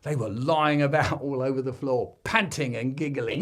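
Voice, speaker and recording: A man telling a comic family story, acting out the children's shouts in an animated way. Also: mid-range voice, normal speed, few pauses, a little hiss or hum.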